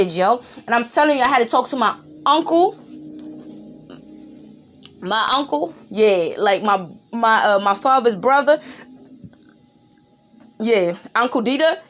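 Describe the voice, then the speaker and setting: A woman in her thirties hosting a spiritual live broadcast, talking in a rambling, slangy way and swearing freely. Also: fairly high pitch. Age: 30s. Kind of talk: casual chat.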